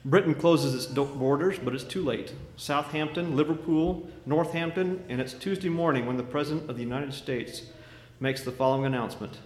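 A man preaching a sermon, telling a vivid story with dramatic swings from loud to hushed. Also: on the high side, normal speed, hardly any pauses. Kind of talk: sermon illustration. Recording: echoey hall with faint noise.

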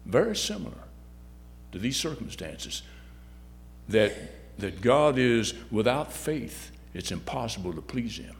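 A man giving a sermon, halting and repeating words, his voice swinging between loud and soft. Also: medium pitch, very animated, vocal fry, slight background noise. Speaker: lay preacher. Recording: long hall reverb.

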